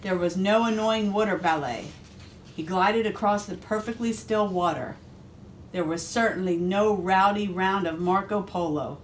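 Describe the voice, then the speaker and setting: A woman police officer reading a picture book aloud to a first grade class, expressive and adding asides to the children. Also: medium pitch, a little slow, slight background noise.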